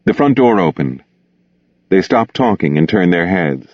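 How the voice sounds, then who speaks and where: A man narrating an audiobook in a measured, expressive reading. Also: low voice, dry recording. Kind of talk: scripted narration. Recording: dull lo-fi dry recording.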